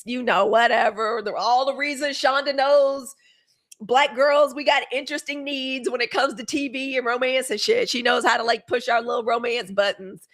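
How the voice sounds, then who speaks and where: A woman's voice: fairly high pitch, fairly bright tone. A young woman from Mississippi, hosting a live show in casual, gossipy chat, cursing freely. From Mississippi, USA.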